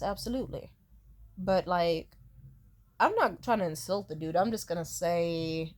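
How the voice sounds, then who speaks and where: A young woman in her twenties telling a rambling, candid storytime vlog, swearing freely and slipping into quoted voices. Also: lowish voice. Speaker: vlogger.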